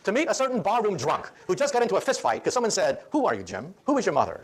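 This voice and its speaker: A man voicing an old male time traveler and former drunk, speaking resolutely in a lowered voice. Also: huge pitch swings, very fast, husky, heavily acted.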